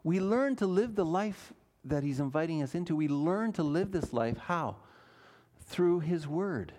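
A male pastor delivering an earnest sermon with a lively, swinging delivery. His voice sits a little high for a man, and he leans hard on key words and throws rhetorical questions at the congregation. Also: a little slow. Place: church.

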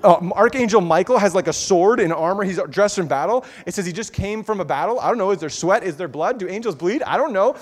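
A man preaches with a high, light voice that carries through a hall with long reverb. He tells his story playfully and with animation, breaking into laughter as he goes. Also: expressive, fast talker, few pauses. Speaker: pastor. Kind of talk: sermon.

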